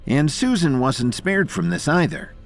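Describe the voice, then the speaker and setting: A man's voice: fairly high pitch, very animated, unhurried, faint music behind. A man narrating an audio drama with dramatic storytelling.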